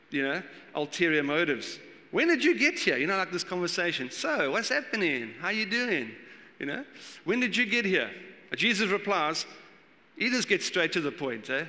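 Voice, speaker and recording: South African male pastor, conversational sermon, slightly high, bright voice; church hall reverb. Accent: South African English. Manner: casual storytelling with acted-out voices and laughs.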